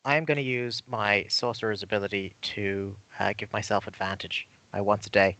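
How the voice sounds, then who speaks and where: A man's voice: fairly low pitch, fairly even intonation, moderate pace, sharp tone. A man playing a tabletop game, talking casually and chattily about his character's abilities. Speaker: player.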